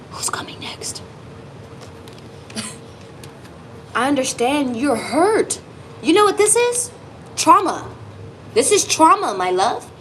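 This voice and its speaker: A woman giving a tarot reading, talking directly to her viewer with emphatic, reassuring energy and the odd curse word. Her voice sits a little high and swings widely in pitch. A faint hiss of noise sits under the recording. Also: rough recording. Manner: lively, emphatic, swearing, speaks directly to the viewer. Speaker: tarot reader.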